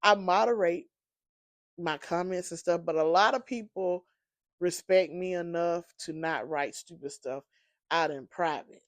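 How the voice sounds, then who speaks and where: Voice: medium pitch, unhurried, no echo, clean studio sound. A sleepy, yawning podcast host and apostle, rambling conversationally through a casual solo monologue with many fillers.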